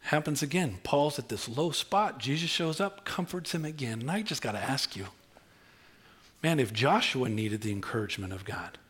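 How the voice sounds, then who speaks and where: Animated pastor preaching. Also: male voice, moderate pace, slightly rough. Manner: animated, swings between low intimate tones and high excited outbursts. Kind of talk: sermon.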